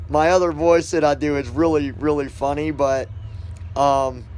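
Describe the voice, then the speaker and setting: A man's voice: mid-range voice, a little mellow, a little hiss or hum. A man vlogging casually outdoors, chatting and joking directly with his viewers in an upbeat, rambling way. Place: outdoors on concrete.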